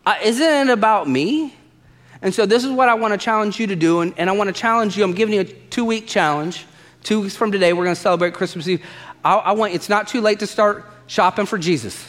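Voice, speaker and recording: A man preaching a sermon as pastor, animated and emphatic, repeating lines for stress and acting out the voices in his quotes. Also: high voice, fast talker, long reverb tail.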